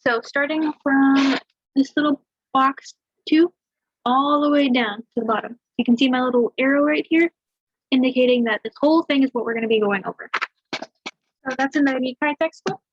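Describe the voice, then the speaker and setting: A woman tutoring a language lesson over a screen share in a relaxed, chatty way, talking through examples. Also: sits high, moderate pace, dull audio, slight background noise. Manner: relaxed, chatty explaining with fillers and small laughs.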